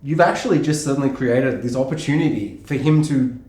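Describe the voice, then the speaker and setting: A man co-hosting a podcast in casual chat, excitable and swearing freely as he acts out lines. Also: mid-range voice, a little fast. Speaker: podcast co-host. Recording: echoey room.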